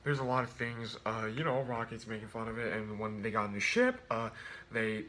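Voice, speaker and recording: A man's voice: fairly low pitch, animated, brisk, sharp tone, slight background noise. A man casually reviewing a film, rambling with many restarts and fillers. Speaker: movie reviewer.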